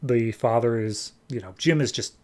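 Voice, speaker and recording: A man's voice: medium pitch, moderate pace, a little mellow. Chatty man recapping comics. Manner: chatty, filler-heavy storytelling. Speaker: podcast host. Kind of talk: casual comic book recap.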